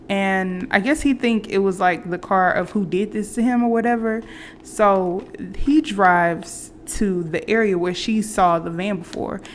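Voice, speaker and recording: A woman's voice: medium pitch, slight background noise. A woman vlogger casually retelling a movie plot, rambling with fillers and restarts. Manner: acts out quoted characters.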